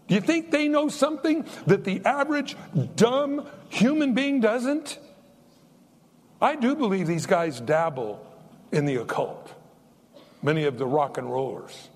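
An older man preaching a sermon in a folksy, animated way, joking between his points. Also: extremely high pitch. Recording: long hall reverb.

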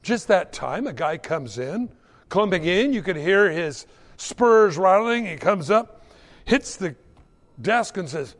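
Male pastor, animated sermon, echoey hall. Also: high-pitched, slow. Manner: animated storytelling preaching.

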